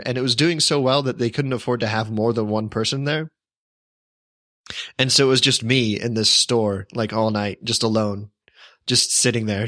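A young man tells a long story in a loose, rambling way, wry and amused at himself. His voice sits at a middle pitch. The sound is close and dry. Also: pushed and bright, no room sound. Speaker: podcast co-host. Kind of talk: casual storytelling chat.

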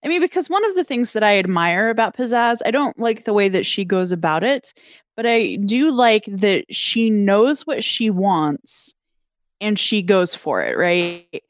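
A woman co-hosting a podcast, giving her opinion in a halting, hesitant way. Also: mid-range voice, lively intonation, no room sound. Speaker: podcast co-host. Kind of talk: casual chat.

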